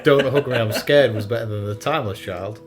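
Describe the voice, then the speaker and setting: A man's voice: on the low side, a little fast. A British man co-hosting a casual podcast, rambling and playful, with casual swearing. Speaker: podcast co-host. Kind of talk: casual banter. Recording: faint music bed behind.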